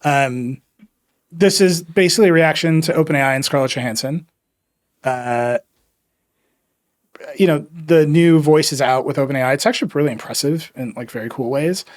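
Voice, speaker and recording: A man hosting a tech podcast in casual chat, wry and rambling, slipping into quoted asides. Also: medium pitch. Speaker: podcast host.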